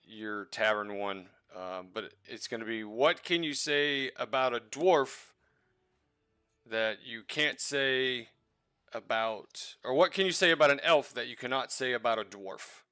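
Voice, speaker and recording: A tired man narrates a tabletop game as game master, searching for words with many fillers. His voice is bright and clean on a dry close mic. He talks slowly. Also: medium pitch, animated, smooth, no echo. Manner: hesitant, many fillers, self-deprecating. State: tired late at night.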